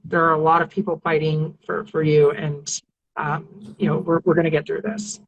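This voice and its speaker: Earnest woman guest with a low voice. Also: little pitch movement, normal speed, muffled recording. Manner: earnest, reassuring, frequent fillers and restarts. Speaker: civil rights attorney and activist, guest. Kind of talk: casual interview talk.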